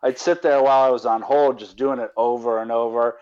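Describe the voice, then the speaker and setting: A man's voice: mid-range voice, fairly even intonation, a little fast, a little mellow, clear, resonant tone. Rambling man on a dull line. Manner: rambling, restarts a lot. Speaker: caller and guest. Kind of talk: casual podcast interview.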